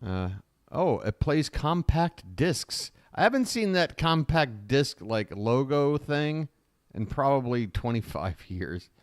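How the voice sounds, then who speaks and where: A man's voice: medium pitch, sing-song, slow, no room sound. Guy riffing on his live stream, wry and rambly, dead dry sound. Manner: rambling, wry, easily sidetracked. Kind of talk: casual reaction riffing.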